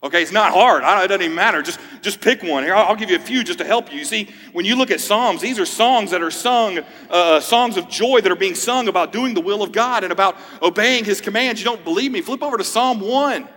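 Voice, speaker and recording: A man's voice: high-pitched, brisk, few pauses, bright, forceful tone, big-room sound. A man in his thirties, a pastor, preaching a sermon in a conversational way with joking asides. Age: 30s.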